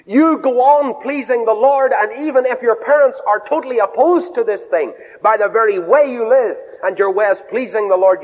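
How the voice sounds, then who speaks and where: A man preaching a sermon in an animated way. He swings his pitch up and down, acts out quoted voices and drops in humorous asides. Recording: dull lo-fi recording in a reverberant hall.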